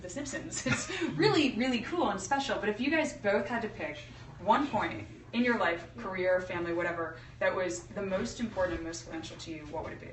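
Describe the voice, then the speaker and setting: Quick upbeat lady interviewer, far off the mic. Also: mid-range voice. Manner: upbeat, quick questions, laughs along. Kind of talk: casual interview. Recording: roomy echo, far from the mic.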